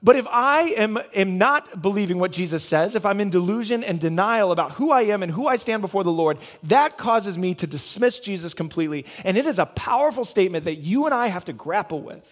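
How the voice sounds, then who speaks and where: A man's voice: high voice, lively intonation, fairly quick, few pauses. A man preaching a sermon as a pastor, earnest and building his points through repeated cause-and-effect chains.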